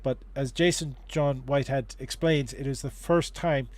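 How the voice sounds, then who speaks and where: A man hosts a casual livestream chat about relationships, in a voice pitched in the middle range for a man. He rambles, stopping and restarting his sentences and filling gaps with "uh". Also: fairly even intonation, normal speed, no room sound. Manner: rambling, with many restarts and fillers. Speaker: host.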